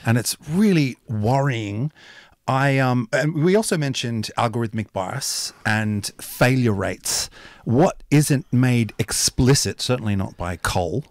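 A man in his fifties co-hosting a casual political discussion, animated and quick to jump in, often trailing off quietly at the ends of phrases. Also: medium pitch, no room sound, studio quality. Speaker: co-host.

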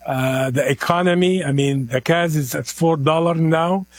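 A middle-aged man with a heavy Palestinian Arabic accent answers plainly and earnestly. His voice sits a little high for a man. The sound is dry and close. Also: steady tone, moderate pace, no room sound. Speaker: community organizer, guest. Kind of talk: interview at an event.

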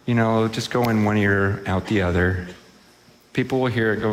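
A man's voice: lowish voice, steady tone, normal speed, long reverb tail, slight background noise. A man preaching a sermon to a congregation, impassioned, and acting out the voices of those he quotes. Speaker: pastor. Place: in a room with a congregation.

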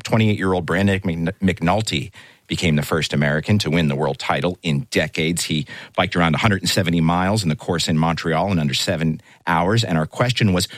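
A man's voice: low voice, no echo. A man hosting a news roundup on a radio talk show, bantering with jokes.

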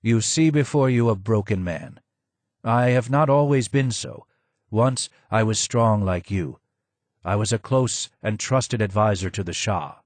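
A man voicing a broken, hidden older man who speaks in a low, hoarse voice, slow and grave, in an audiobook. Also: no echo, lightly acted. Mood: sad. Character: broken, hidden old man, sad and wary. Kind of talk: audiobook character voice.

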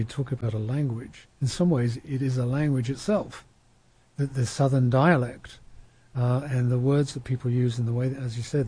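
A man's voice: mid-range voice, mellow, slightly rough. A man from outside the US talking reflectively in a casual panel discussion, often restarting his sentences.

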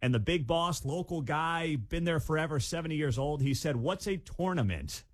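A man's voice: on the high side, moderate pace. Man co-hosting morning talk radio. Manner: storytelling, playful. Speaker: radio co-host. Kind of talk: casual radio banter.

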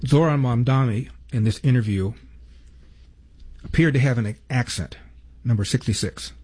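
Mellow husky male commentator. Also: medium pitch, normal speed. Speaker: host. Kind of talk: commentary show narration.

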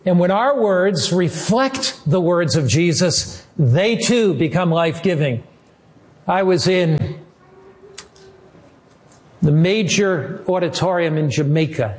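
A male pastor preaching a sermon in an earnest, measured way, slowing down for emphasis. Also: on the high side, darkish tone.

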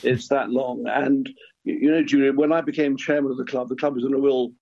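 An older man speaks as a guest on a radio interview, hesitant and earnest, often restarting his words. His voice is a little husky. The line sounds dull and lo-fi. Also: mid-range voice, steady tone, a little fast, a little mellow. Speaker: guest, former football club chairman.

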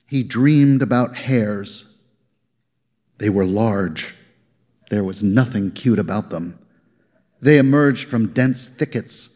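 A man giving a live literary reading with measured, dry storytelling, recorded live in a reverberant hall. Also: fairly low pitch, a little mellow. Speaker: reader.

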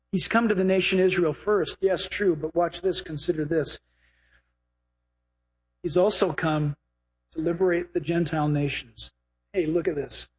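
A male pastor preaching a sermon, animated and humorous, slipping into acted quotes. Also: sits high, husky. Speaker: pastor and Bible teacher.

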